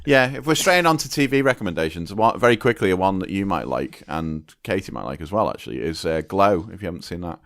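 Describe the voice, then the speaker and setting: Laughing low-voiced man. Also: animated, quick pace, few pauses, fairly bright tone, no room sound, studio quality. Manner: laughs a lot, jokey, trails off with fillers. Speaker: podcast co-host. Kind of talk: casual chat.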